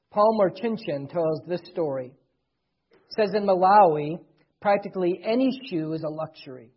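Earnest husky-voiced preaching man. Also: sits high. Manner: earnest preaching, swells loud then drops soft. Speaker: pastor. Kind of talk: sermon. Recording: dull lo-fi recording.

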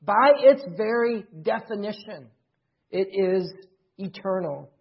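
A man preaching as pastor, his voice a little husky and breathy. He drives points home by repeating key phrases with emphasis. The recording is dull and lo-fi. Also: sits high, lively intonation, takes it slowly. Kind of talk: sermon.

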